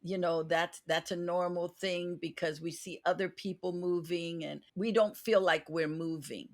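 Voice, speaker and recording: A woman's voice: on the low side, fairly even intonation, measured pace. A woman hosting a podcast interview, an actress giving advice drawn from her own experience.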